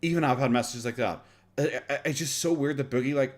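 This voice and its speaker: A man's voice: medium pitch, quick pace. A man with an Irish accent giving casual, sarcastic reaction commentary on a video, swearing often and laughing between remarks.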